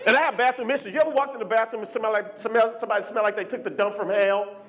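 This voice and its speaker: A man doing a stand-up comedy set on a club stage, animated and often jumping into shouted character voices. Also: high-pitched, very fast. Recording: live club recording with crowd laughter. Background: audience laughter.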